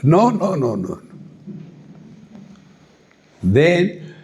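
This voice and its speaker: Unhurried Indian English spiritual teacher. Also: male voice, mid-range voice, animated, darkish tone. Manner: unhurried, repeats "See?", chants Sanskrit verses. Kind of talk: spiritual discourse at a retreat. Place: retreat hall.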